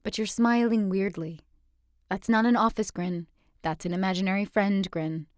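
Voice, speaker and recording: A woman reading aloud voices an excitable, nosy teenage girl who gushes and squeals. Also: medium pitch, moderate pace, no echo, studio quality, lightly acted. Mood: teasing. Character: chatty excitable young woman, teenage friend.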